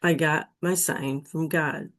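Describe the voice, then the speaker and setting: A woman's voice: low-pitched, steady tone. A woman telling her personal near-death experience story in an earnest, emotional way. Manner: slow, earnest, emotional retelling.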